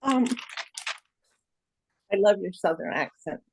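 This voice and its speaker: A woman from Ohio asking a question on a group call. She speaks politely and gratefully, with a few hesitations and apologies, at a medium pitch. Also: expressive, takes it slowly, vocal fry, breathy edge. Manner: polite, appreciative, a little hesitant. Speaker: caller.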